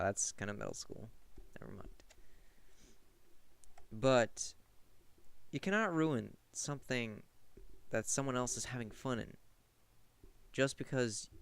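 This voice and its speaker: A man's voice: medium pitch, vocal fry, clean tone. A young man giving casual, rambling commentary on a game, often filling gaps with "like". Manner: rambling, heavy use of "like". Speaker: gaming commentator.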